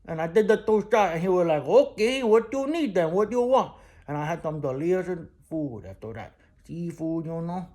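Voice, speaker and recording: A man's voice: high voice, expressive, brisk, mellow. A man voicing a brash, streetwise male plush bulldog who tells a rambling comic story in chatty, broken-grammar patter. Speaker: show mascot.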